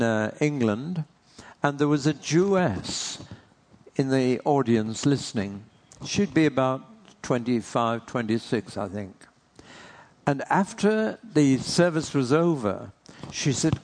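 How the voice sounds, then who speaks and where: A man's voice: medium pitch, lively intonation, measured pace, a little mellow. A man preaching a sermon in an earnest way, posing rhetorical questions to the congregation.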